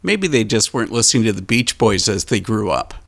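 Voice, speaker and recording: Male interviewer, playful and teasing, gravelly voice. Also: on the low side, big pitch swings, fairly quick, a bit bright. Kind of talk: casual interview questions.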